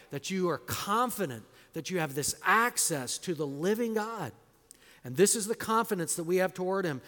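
A man preaching an expository sermon, stressing words loudly and dropping to quiet, low endings, sometimes drawing single words out slowly. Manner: emphatic, swings between loud stresses and quiet low endings; drawn-out slow emphasis on key words. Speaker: pastor. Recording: long hall reverb.

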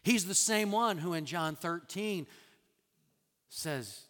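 A man preaching a sermon as a pastor, animated, acting out quoted lines with sudden loud bursts and soft drops. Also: high-pitched, slow, pauses often, big-room sound.

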